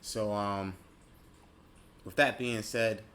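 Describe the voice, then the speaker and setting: Late-20s male host, low voice, loose reflective monologue, rambling and self-correcting. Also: fairly even intonation, drawn-out words, fairly bright tone. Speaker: podcast host.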